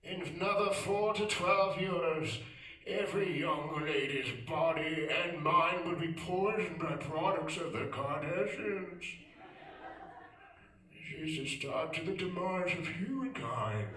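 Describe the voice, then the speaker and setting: Comic doing a slow, super solemn nature doc narrator guy, echoey and a bit far off. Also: fairly high pitch, slight background noise, voice pushed up. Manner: slow, hushed, solemn delivery.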